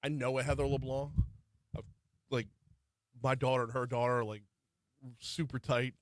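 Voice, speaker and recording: A middle-aged man hosts a morning talk radio show from a studio, his medium-pitched voice level and at normal speed. Over a studio microphone with no echo, he covers the news and mixes in chatty asides.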